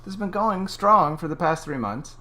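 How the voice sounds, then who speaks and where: Animated, bright-voiced man, playful. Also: high voice, moderate pace. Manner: playful, theatrical, mock-dramatic. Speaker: co-host. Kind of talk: casual live-stream chat.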